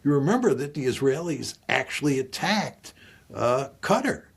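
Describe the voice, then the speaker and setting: Brief: male political analyst, gravelly and husky, animated pitch. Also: normal speed. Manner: rhetorical, questioning. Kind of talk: analytical commentary.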